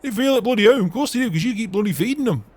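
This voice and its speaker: Bloke doing a grumpy farmer, raspy, high and swinging all over, swears a lot. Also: male voice, animated, racing, darkish tone. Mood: grumbling. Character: grumpy middle-aged male farmer, cursing. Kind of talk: role-play in a farming game.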